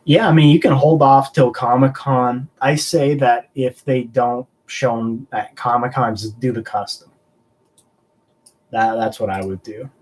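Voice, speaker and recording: Guy rambling on his live stream, jokey, answering chat, middle pitched voice. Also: steady tone, unhurried, a little mellow. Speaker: host of a collectibles live stream.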